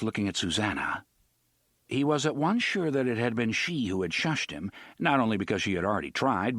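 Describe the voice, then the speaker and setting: A man's voice: medium pitch, a bit bright, no echo, clean studio sound. A man narrating an audiobook expressively, giving each character a voice of his own.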